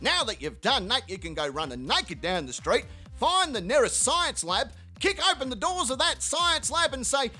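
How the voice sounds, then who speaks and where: A man's voice: very high-pitched, sing-song, moderate pace, few pauses, pushed and bright, soft background music. A man hosting a comedy show, delivering a crude, profane, rambling outro monologue. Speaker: host.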